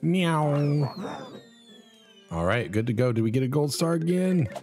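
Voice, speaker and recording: A man hosting a casual let's play, commenting on a silly game and jumping into high excited yelps. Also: measured pace, soft background music. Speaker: gaming channel host.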